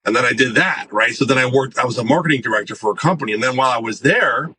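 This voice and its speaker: A man telling stories in a casual interview, animated, acting out the voices of people he quotes. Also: mid-range voice, rapid-fire, a little hiss or hum, low-quality recording. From United States. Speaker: marketing executive guest.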